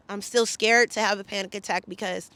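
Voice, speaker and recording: A woman's voice: mid-range voice, fairly even intonation, moderate pace, fairly bright tone, dry recording. Heated, profane woman telling a story. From San Francisco Bay Area. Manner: emphatic, profane, heated retelling. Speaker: podcast guest. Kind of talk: casual storytelling interview.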